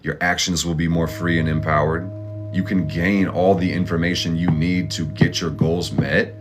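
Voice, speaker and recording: Music plays in the background as a man with a low, level voice talks at normal speed. He's an astrology and tarot channel host doing a casual motivational reading, and his delivery is a blunt, profane pep talk full of slang.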